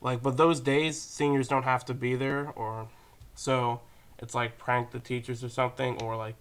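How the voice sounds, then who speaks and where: A man's voice: mid-range voice, little pitch movement, moderate pace, a bit bright, clear, resonant tone. A teenage boy ranting casually to camera, rambling with lots of fillers and casual swearing. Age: teens. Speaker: vlogger.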